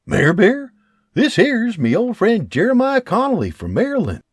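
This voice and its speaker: A man's voice: high-pitched, huge pitch swings, moderate pace, slightly rough, dry recording, clean studio sound, voice pushed up, heavily acted. A man doing a hearty settler. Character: man, husband and father, friendly settler.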